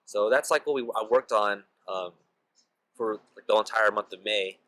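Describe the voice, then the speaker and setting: Chatty young man, bright forceful voice. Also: on the low side, normal speed, poor audio. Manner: chatty, heavy use of "like" and "you know" fillers. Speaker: vlogger. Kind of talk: casual storytelling to camera.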